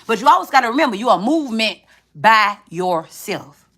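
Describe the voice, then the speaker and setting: Bright-voiced woman chatting as a tarot reader. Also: a little high, very animated, moderate pace, slight background noise. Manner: chatty, profane, calls the viewer friend. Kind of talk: casual chat to viewers.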